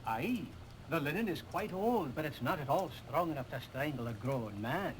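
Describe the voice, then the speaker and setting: A rambling old chemist, played by a man in a video game cutscene, excitable and forever mixing up names. His voice sits high and swoops about a lot. A faint hiss runs under the old game audio. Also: normal speed, natural voice, rough recording. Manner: scatterbrained, mixes up names, excitable. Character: rambling absent-minded old male police chemist.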